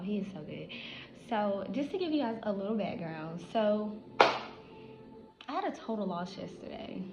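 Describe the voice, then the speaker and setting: A woman, an insurance agent telling a story in a casual late-night vlog, animated and chatty. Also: mid-range voice. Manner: animated, chatty, acts out quotes in her own voice. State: just woke up at night. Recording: echoey room, dull lo-fi sound, faint music.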